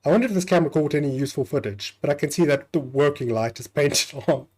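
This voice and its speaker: A man's voice: on the high side, fast talker, darkish tone. Man casually narrating a game stream. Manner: swears, chats, reads game text aloud. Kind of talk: casual gameplay commentary.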